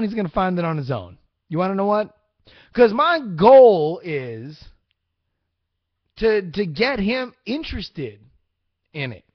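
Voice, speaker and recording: A young man hosting a casual live-streamed podcast, answering chat with rambling, profane, excitable rants. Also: very high voice, no room sound, dull audio. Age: young adult. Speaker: podcast host.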